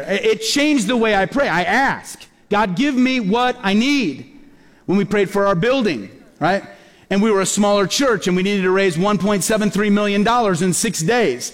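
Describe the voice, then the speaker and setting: A man's voice: high-pitched, expressive, moderate pace, long reverb tail. A man preaching a sermon as a pastor, telling stories and acting out quotes with animation. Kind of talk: sermon storytelling.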